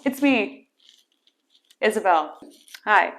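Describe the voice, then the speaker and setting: A woman's voice: medium pitch, animated, takes it slowly, a bit bright, slight background noise. A young woman from Wisconsin hosting her own small talk show, chatty and playfully teasing. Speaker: host. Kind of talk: casual solo talk show.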